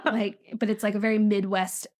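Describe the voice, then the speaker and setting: A woman's voice: mid-range voice, little pitch movement, brisk, a little mellow. A woman co-hosting a podcast, chatting casually with lots of laughter and fillers. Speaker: podcast co-host. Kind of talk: casual chat. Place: apartment room.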